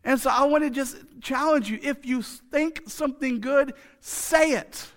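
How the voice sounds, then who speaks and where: An extremely high-pitched male voice preaches at a slightly slow pace. The pastor jokes and chats his way through the sermon, repeating phrases to drive points home and posing rhetorical questions and asides to the congregation.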